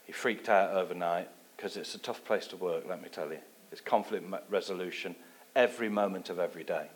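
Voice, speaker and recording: A man from England giving a sermon with a personal testimony, telling his story in a lively way and dropping his voice low for asides. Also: fairly quick. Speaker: guest preacher.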